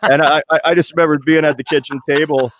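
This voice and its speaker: A man from Winnipeg in his late forties, co-hosting a podcast and telling a story in lively casual chat, acting out the voices as he goes. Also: a little high, quick pace, no room sound, studio quality. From Winnipeg, Canada. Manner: animated storyteller, restarts and acts out voices. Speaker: podcast co-host.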